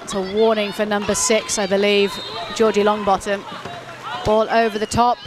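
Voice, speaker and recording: A woman giving quick live play-by-play commentary on a match, rising to shouts at the big moments. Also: mid-range voice, level tone. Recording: loud crowd and outdoor noise behind.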